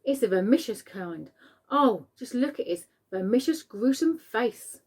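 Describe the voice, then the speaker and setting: Storybook police chief, excitable and alarmed, put on by a woman reader. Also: on the high side, a little slow, breathy edge, full character voice. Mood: horrified. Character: panicky bossy male police chief.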